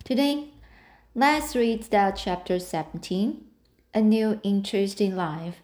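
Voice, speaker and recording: A woman reading a novel aloud, halting and restarting as she stumbles over words. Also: mid-range voice, a little mellow. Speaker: reader.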